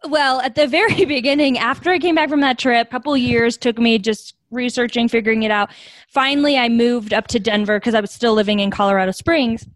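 Earnest woman telling a story, higher voice. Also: a little fast, no echo. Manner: earnest, reflective, animated when quoting others. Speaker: guest, nonprofit founder. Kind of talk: storytelling in a podcast interview.

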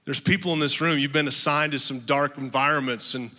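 A man preaching in a church hall, his voice sitting a little high and sounding very bright and cutting. Long reverb trails behind his words, and he speaks in an emphatic, storytelling way with some humor. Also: steady tone, a little fast. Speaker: pastor. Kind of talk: sermon.

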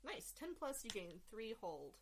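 A woman's voice: a little high, big pitch swings, a little slow, slight background noise. A woman narrating as game master of a tabletop game, rambling and full of fillers as she explains the rules.

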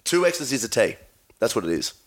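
Playful man with a lively, bouncing voice. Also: medium pitch, fairly quick. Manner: playful, teasing, laughs often. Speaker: podcast co-host. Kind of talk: casual travel podcast chat.

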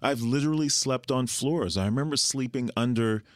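A Canadian man who is a musician guest, chatting casually and telling animated stories in which he acts out the people he quotes. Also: medium pitch, normal speed, dry recording, clean studio sound. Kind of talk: casual interview chat.

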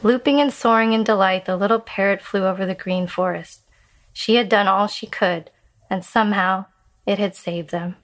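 A woman telling a Buddhist fable in a measured storytelling voice that slows for emphasis. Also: medium pitch, steady tone.

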